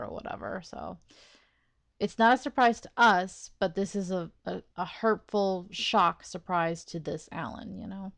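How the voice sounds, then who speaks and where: A woman's voice: medium pitch, fairly even intonation, a little slow, creaky, clear, resonant tone, no echo. A young woman chatting casually as a let's play host, reacting to a story game with exasperated, laughing commentary. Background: faint game music.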